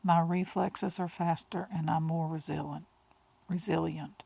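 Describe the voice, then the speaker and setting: A woman reading the lines of a brooding centuries-old male vampire, quiet, flat and hard. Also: low voice, a little slow, creaky, breathy edge, dry recording, exaggerated voice. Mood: bitter.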